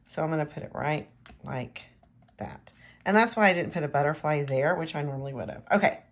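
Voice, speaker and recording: A woman with a low, gravelly voice walks the viewer through a card-making tutorial. She keeps up a chatty, personal commentary as she works with her hands. Her voice sometimes sinks to a hushed near-whisper. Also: expressive, brisk. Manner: chatty, talks straight to the viewer, often drops to a near-whisper while working. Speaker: craft demonstrator.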